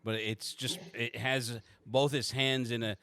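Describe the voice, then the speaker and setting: A man's voice: mid-range voice, unhurried, a little hiss or hum. A man narrating as game master of a tabletop game, with frequent restarts as he describes the scene. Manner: animated, stumbling restarts.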